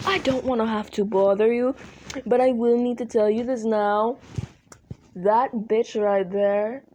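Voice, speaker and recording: A woman's voice: mid-range voice, darkish tone, a little hiss or hum, close to an everyday voice. A woman voicing a flamboyant, dramatic male demon in a fan audio role-play, whiny, theatrical and crude.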